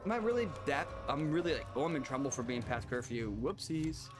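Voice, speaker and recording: A man's voice: mid-range voice, big pitch swings, brisk, music in the background. A man streaming a video game, chatting casually and rambling with restarts and asides to his viewers. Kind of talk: casual gameplay commentary.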